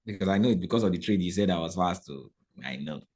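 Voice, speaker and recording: A man with a fairly low voice runs a live trading lesson for an online audience. His delivery is animated and sermon-like, full of rhetorical questions. He keeps pausing to check that everyone is keeping up. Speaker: forex trading teacher.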